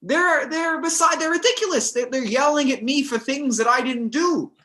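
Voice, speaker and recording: A man's voice: extremely high pitch, moderate pace, sharp tone, pitched above the performer's own voice. A man doing an exasperated ancient leader. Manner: pleading, aggrieved complaining. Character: exasperated ancient male leader, fed up with grumbling crowd.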